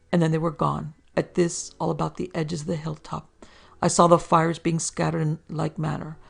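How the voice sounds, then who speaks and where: A woman narrating a classic horror story for a podcast, reading old-fashioned prose in a steady, measured way. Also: deep voice, gravelly.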